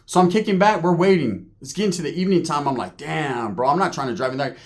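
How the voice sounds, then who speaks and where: A man's voice: fairly high pitch, lively intonation, quick pace. Slangy, profane Californian man storyteller. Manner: profane, rambling, slang-heavy, acts out quoted voices. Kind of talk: casual street storytelling.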